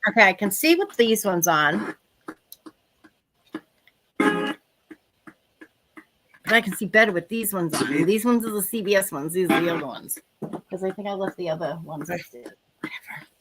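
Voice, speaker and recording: A woman's voice: mid-range voice, moderate pace, long pauses. Woman, Boston accent, medium, live-stream readings, chatty, sleep-deprived, faint noise. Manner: chatty, jokey, guiding meditation. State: sleep-deprived, extra energy. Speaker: psychic medium.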